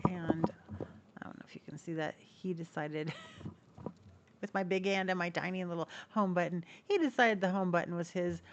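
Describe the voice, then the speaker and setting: A woman hosting a casual tarot video, chatting to camera and cooing at her pet cockatiel in high baby talk. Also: muffled recording, slight background noise. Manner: chatty, with restarts and soft laughs. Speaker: tarot reader and channel host.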